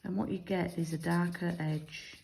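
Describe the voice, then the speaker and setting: A woman's voice: on the low side, level tone, normal speed, gravelly, darkish tone, slight background noise, poor audio. A woman from the UK giving a chatty, step-by-step card-making tutorial, explaining as she works. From United Kingdom. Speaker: craft demonstrator.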